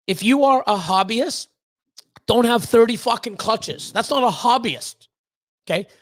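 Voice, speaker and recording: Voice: medium pitch, fairly bright tone. This is a reptile breeder hosting a casual livestream, talking straight to the chat. The delivery is blunt and heated, full of swearing, repeated pleas and stumbling restarts. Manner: emphatic repeated pleading. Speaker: reptile breeder and channel host.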